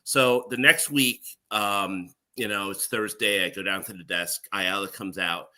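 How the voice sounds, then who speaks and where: A middle-aged man tells his stories in a casual, animated way and often laughs along. His voice sits low but sounds very bright and forceful. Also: a little slow. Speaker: guest, former NBC page. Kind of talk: casual storytelling.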